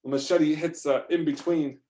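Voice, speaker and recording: A man telling an improvised first-person adventure story in a rambling, excitable way, full of fillers and restarts. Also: on the high side, moderate pace.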